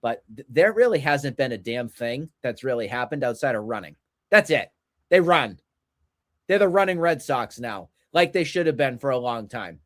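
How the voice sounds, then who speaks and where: A man's voice: medium pitch, animated, moderate pace, fairly bright tone. A man co-hosting a sports podcast, ranting in an angry, profane, repetitive way. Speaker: podcast co-host.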